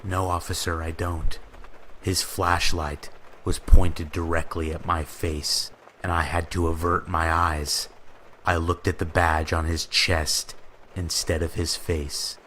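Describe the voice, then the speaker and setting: A man with a very deep, low voice reads scary stories in an even, steady narration. Soft rain falls faintly behind him. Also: slow pace, slight background noise. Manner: steady storytelling read. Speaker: horror story narrator. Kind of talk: scripted horror narration. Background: rain ambience.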